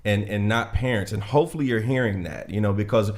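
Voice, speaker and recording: A man's voice: lowish voice, quick pace. A man in his forties on a podcast, speaking earnestly and with conviction, addressing listeners directly. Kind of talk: podcast discussion.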